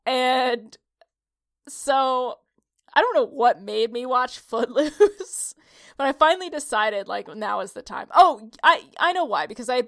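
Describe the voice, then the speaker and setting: A woman's voice: high-pitched, animated, unhurried, fairly bright tone, dry recording. Giggly upstate New York woman, dry mic. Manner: giggly, rambling storyteller. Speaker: podcast co-host. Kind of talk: casual chat.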